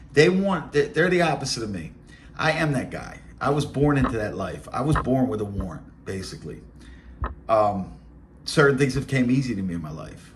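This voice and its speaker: A man's voice: mid-range voice, slight background noise. A man in his late forties with a Baltimore accent, telling rambling streetwise stories in a blunt, casual way. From Baltimore, Maryland. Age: 40s. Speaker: podcast host. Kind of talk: casual storytelling monologue.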